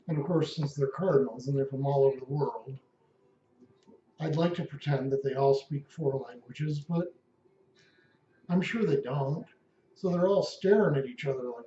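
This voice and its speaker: A man's voice: on the high side, normal speed, mellow, slight background noise. A man at home delivering a wry, rambling, profane comic monologue. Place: at home, indoors. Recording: echoey room, dull lo-fi sound.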